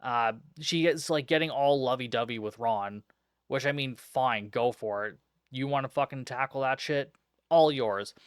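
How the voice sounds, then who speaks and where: A young man hosts a podcast in a casual review chat, sounding sarcastic and fed up. His voice sits at a middling pitch. The recording is dry and close, with little room sound. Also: normal speed, clear, resonant tone, no room sound. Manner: sarcastic, exasperated, swears freely. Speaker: podcast host. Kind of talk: casual movie review recap.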